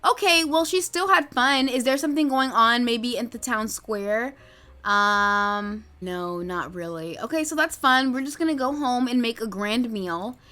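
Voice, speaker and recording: A woman's voice: on the high side, measured pace, pushed and bright. A young woman from the United States casually narrating a life-simulation game story, chatting and slipping into quoted lines for her characters. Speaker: Sims let's play creator.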